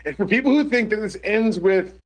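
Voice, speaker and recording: Podcast host, male, husky and emphatic, casual and joking. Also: high-pitched, lively intonation, a little fast.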